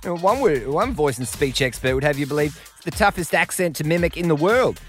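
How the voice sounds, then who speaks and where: A man's voice: on the high side, expressive, fairly quick, a bit bright. A man hosting a radio show in a casual, joking way, with faint music behind him. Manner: jokey, chatty, puts on voices. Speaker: radio host.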